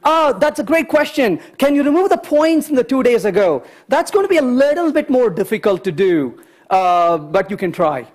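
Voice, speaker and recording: A man giving a conference programming talk, chatty and animated, often checking in with the audience. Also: very high voice, normal speed. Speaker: conference speaker. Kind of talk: technical talk with anecdotes.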